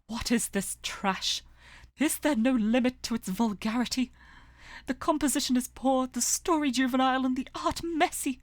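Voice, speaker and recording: A woman's voice: on the high side, very animated, moderate pace, dry recording. A woman voicing a haughty, prickly young male pigeon aristocrat in a visual novel read-aloud, speaking in an imperious, scornful way.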